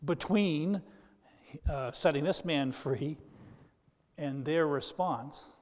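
A pastor preaches a sermon with animated delivery, tossing in quick asides and doing voices for the people he quotes. His voice is a little high, and the sound carries like a big room.

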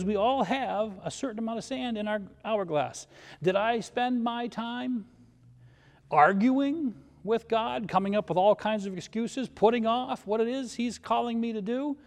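High-voiced man preaching in reverberant hall. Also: measured pace, vocal fry. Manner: conversational, self-deprecating humor, rhetorical questions. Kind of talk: sermon.

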